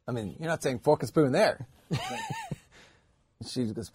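A young Irish man, a radio co-host, telling an anecdote in an amused, animated way. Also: mid-range voice, moderate pace, long pauses, slightly rough, dry recording. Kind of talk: casual chat.

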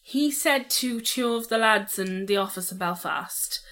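A woman's voice: mid-range voice, unhurried, sharp tone. An Irish woman co-hosting a podcast, teasing her co-host with sweary chat and frequent laughs. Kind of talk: casual chat.

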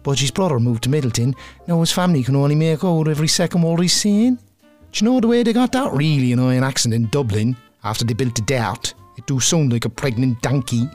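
A man's voice: medium pitch, animated, brisk, a little mellow, soft background music, natural voice. An actor playing a blunt, slangy working-class man from Cork city with a Cork accent, ranting in an advice-column sketch. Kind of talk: comic radio sketch.

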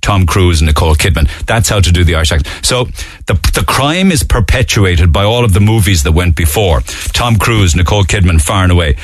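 Man, Cork accent, radio host, lowish voice, dry studio sound, chatty and mocking. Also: expressive, fairly quick, no echo. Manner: chatty, mocking, laughs easily. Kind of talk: casual radio chat.

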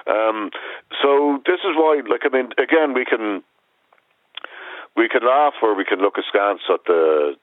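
A man's voice: medium pitch, animated, a little slow, no room sound. A newspaper columnist on a radio discussion, making his points emphatically. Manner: emphatic, argumentative. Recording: tinny phone line.

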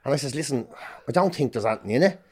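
A man's voice: medium pitch, animated, very fast, slightly rough. An Irish comedian in his forties, a podcast guest telling stories in casual chat, swearing freely and acting out quotes. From Ireland.

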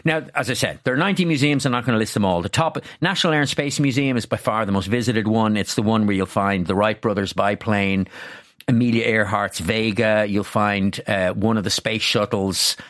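A man, a travel journalist chatting on radio, telling lively stories with lots of restarts and asides. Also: fairly low pitch, fairly quick. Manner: enthusiastic storyteller, chatty with many restarts. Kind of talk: casual radio chat.

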